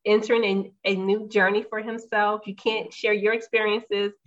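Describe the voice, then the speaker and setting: A woman's voice: mid-range voice, level tone, moderate pace, fairly bright tone. A woman hosting a podcast interview, enthusiastic and effusive with her guest. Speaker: podcast host. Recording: dull lo-fi audio.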